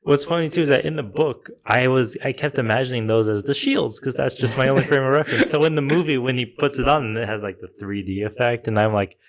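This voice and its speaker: Another male podcast co-host in a casual film review chat talks quickly in a mid-range voice, hardly pausing. His sentences run long and keep restarting as he thinks aloud.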